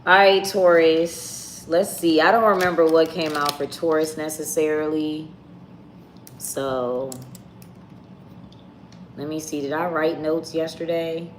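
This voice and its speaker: A woman's voice: low voice, level tone, takes it slowly, pauses often. A woman reading tarot on a live stream, chatting casually and bluntly with her viewers. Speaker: tarot reader. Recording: echoey room with faint ambient noise.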